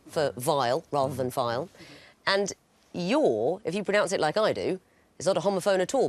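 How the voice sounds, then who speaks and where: A woman hosting a quiz show, crisp and wry, announcing clues and scores with dry jokes. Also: sits low, animated, moderate pace. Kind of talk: quizmaster patter with dry jokes.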